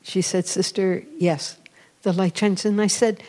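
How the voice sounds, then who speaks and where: A woman who hosts a religious radio program delivers a slow, unhurried testimony. She tells her story in a confiding way and often lowers her voice to a hushed whisper on the key words. Her tone stays humble, with light self-mocking laughter. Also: steady tone. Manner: storytelling, confiding, drops to soft whispers for emphasis; self-deprecating, laughs at herself. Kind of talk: sermon-style testimony.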